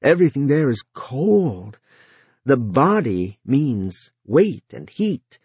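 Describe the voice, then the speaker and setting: A man's voice: medium pitch, sing-song, takes it slowly, darkish tone, husky, dry recording, pitched above the performer's own voice, heavily acted. A man voicing an exhausted, dying man who speaks in weary, strained lines.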